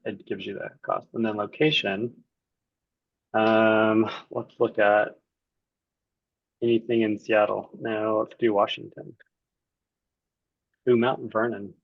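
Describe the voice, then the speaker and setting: A man acting as the client, casually walking through a software demo and thinking aloud as he clicks around. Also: lowish voice, no room sound, highs cut off.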